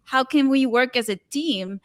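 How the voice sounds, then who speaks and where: A woman with an Argentine Spanish accent, a native Spanish speaker, answering interview questions as a Spanish teacher in a measured, clear way. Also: high voice.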